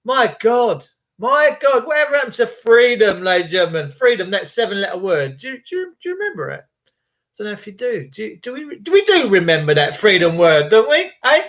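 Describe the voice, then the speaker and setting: A man's voice: high voice, very animated, a little fast, fairly bright tone. A man, hosting a casual livestream, rambling and indignant as he greets viewers by name. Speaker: livestream host.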